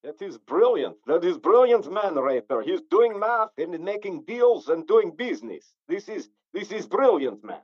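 A man's voice: high-pitched, sing-song, moderate pace, few pauses, dry recording, highs cut off, pitched below the performer's own voice. A man putting on a broken-English Eastern European accent, playing a joking braggart. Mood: boastful. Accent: put-on Eastern European accent. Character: boastful male Eastern European joker.

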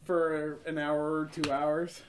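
A man co-hosting a casual podcast, talking haltingly with many restarts and frequent laughter. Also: on the high side, completely flat delivery, heavy background noise. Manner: hesitant, restarts, laughs often. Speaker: podcast co-host. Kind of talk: casual drunk banter.

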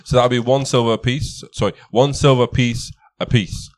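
A man's voice: medium pitch, steady tone, moderate pace, no room sound. A man narrating a tabletop game as game master, chatty and laughing, often correcting himself.

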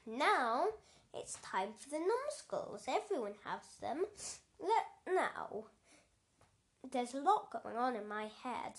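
A woman's voice: sits high, very animated, takes it slowly. A woman reading a comic story aloud, with small stumbles and restarts.

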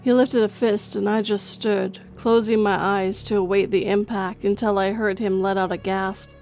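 A woman reads a first-person horror story at a medium pitch and an even pace. Her narration is scripted and steady. Faint music plays underneath. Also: moderate pace.

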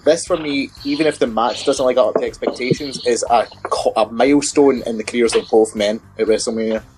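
A man's voice: medium pitch, brisk, a little mellow, a little hiss or hum, low-quality recording. A man co-hosting a podcast, giving wry, opinionated takes in casual chat. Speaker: podcast co-host.

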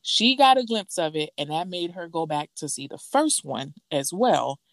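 Woman, casual gossip chat, animated storyteller, lowish voice, dry recording. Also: normal speed, no echo. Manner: animated storytelling, acts out quotes in a higher voice.

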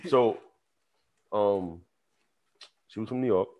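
A man's voice: fairly low pitch, slow. A man co-hosting a podcast, telling a story in casual chat, acting out both sides of a phone call and cursing freely. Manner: animated storyteller, acts out phone calls, swears freely. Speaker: podcast co-host.

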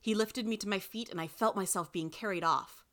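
A woman reading a first-person story aloud in an expressive way. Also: mid-range voice, brisk. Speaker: reader.

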